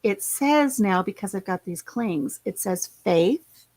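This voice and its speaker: A woman's voice: medium pitch, animated, slow pace, darkish tone, dry recording, poor audio. A middle-aged woman, chatting casually and rambling with her viewers as host of her channel. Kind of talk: casual livestream chat.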